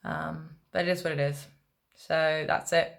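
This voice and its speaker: A young woman chatting into her vlog in a relaxed, rambling way, stopping often for fillers and asides. Her voice sits on the low side with a gravelly edge. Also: measured pace. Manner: rambling, laid back, many fillers. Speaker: football fan vlogger. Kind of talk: casual vlog chat.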